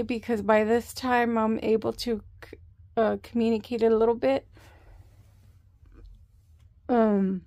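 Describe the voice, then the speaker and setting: A woman talks slowly into a camera close by, sharing a health update as a rambling story. Her voice has a gravelly edge, and she fills her pauses with plenty of "um"s and restarts. The recording is dry and close. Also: fairly high pitch, little pitch movement, mellow, no room sound. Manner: slow, rambling, with many fillers and restarts.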